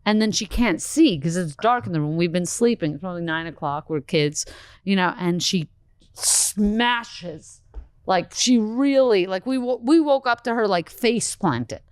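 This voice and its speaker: A woman from Canada, a comedian guest, telling a story in a lively, swearing, casual podcast chat. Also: mid-range voice, clean tone, dry recording. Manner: animated storytelling, swearing, quick asides.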